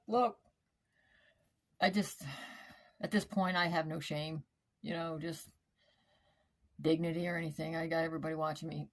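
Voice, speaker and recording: A woman vlogger telling a story to her camera in a casual, rambling way, often stopping and restarting her words. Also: lowish voice. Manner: plain-spoken, cusses when upset.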